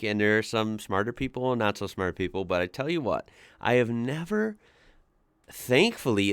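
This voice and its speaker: Animated man reacting with laughter. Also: lowish voice, smooth, no room sound. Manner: animated, laughs often, exclaims. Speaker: YouTuber reading comments. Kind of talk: reaction commentary.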